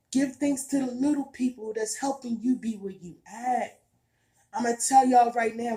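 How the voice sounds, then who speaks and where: Slow, mellow-voiced woman preaching earnestly. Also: on the high side. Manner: earnest and emphatic, repeats herself, casual colloquial speech. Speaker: spiritual vlogger. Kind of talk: heartfelt spiritual monologue.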